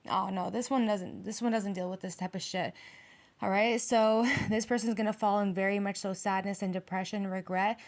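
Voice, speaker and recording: A woman's voice: mid-range voice, steady tone, normal speed. A woman giving a casual tarot reading, talking bluntly with lots of swearing and emphatic rhetorical questions. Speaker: tarot reader.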